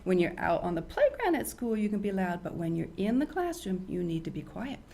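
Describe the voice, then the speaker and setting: An older woman hosting a children's show, teaching young kids in an animated, teacherly way and asking them questions. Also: mid-range voice, a little fast, vocal fry, a little hiss or hum.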